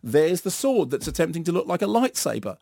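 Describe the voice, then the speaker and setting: A middle-aged man giving an animated, sardonic film review in a radio studio, acting out bits in silly voices. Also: a little high, a little fast, gravelly, dry recording. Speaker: film critic.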